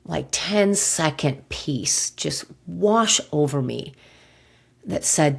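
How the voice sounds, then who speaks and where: A middle-aged woman hosting a podcast, telling a personal story in an emotional, halting way with sighs and pauses, close to tears. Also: low-pitched, creaky. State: near tears. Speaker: podcast host.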